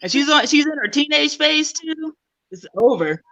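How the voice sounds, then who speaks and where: A woman's voice: sits high, lively intonation, normal speed, a bit bright, muffled recording. Giggly, rambling woman comedian. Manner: rambling, giggly, jokes with voices. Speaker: stand-up comedian. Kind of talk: stand-up comedy set.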